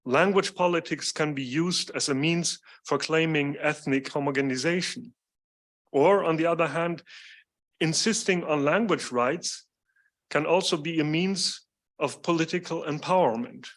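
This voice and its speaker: A man opens an evening lecture with a formal, measured welcome. His voice sits a little high for a man, and he reads his introduction steadily. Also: a bit bright. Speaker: lecture series host. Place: lecture hall.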